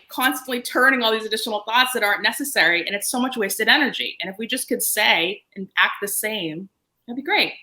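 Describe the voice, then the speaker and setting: Lively woman with a bright voice. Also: fairly high pitch. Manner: animated storytelling, quoting herself and others. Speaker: guest panelist. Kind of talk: panel discussion.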